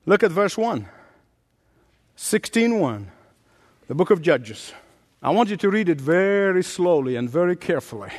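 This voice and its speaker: A man's voice: sits high, sing-song, normal speed, pauses often, a little mellow, in a large hall. A man preaching a sermon as pastor in a large church, emphatic and repetitive, swinging his delivery up and down for effect.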